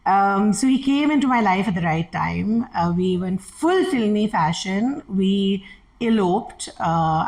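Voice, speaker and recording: A woman's voice: fairly low pitch, low-quality recording. A middle-aged woman telling candid family stories as an interview guest, acting out the dialogue she quotes. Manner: animated, acts out quoted dialogue. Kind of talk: candid personal storytelling.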